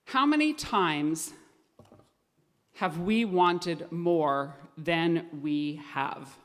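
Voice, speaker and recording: A woman narrating a children's story at a family service, lively and animated. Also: on the low side, extremely slow. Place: synagogue sanctuary. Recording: echoey hall with long reverb.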